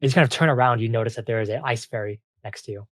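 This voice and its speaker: A game master narrating a tabletop game in a loose, halting way with many fillers. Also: mid-range voice, no echo.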